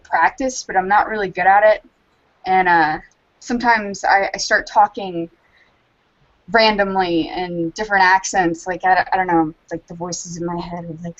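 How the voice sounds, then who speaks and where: A woman's voice: medium pitch, fairly even intonation, normal speed. Chatty rambling woman on a dull line. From Charleston, South Carolina, US. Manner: chatty, rambling, full of likes and ums. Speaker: guest artist. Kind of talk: casual podcast chat.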